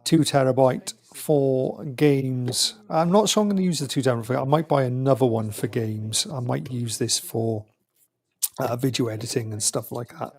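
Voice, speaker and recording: A man's voice: medium pitch, normal speed, gravelly, darkish tone, husky. A British man streaming live from home, chatting casually and rambling as he shows off parts for a new computer. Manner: rambling, self-correcting, chatty. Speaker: streamer building a PC.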